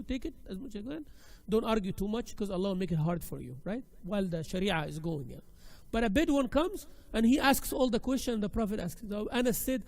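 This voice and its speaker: Male teacher, high-pitched and animated, talks casually with his class and acts out examples. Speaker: Islamic studies teacher. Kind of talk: classroom lecture.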